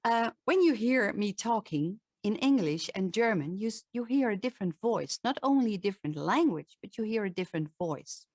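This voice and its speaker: A woman with a Dutch accent, a voice coach giving a lively presentation and often correcting herself mid-sentence. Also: medium pitch, normal speed, hardly any pauses, dry recording. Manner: lively, animated, with restarts and self-corrections. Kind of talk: presentation talk to an audience.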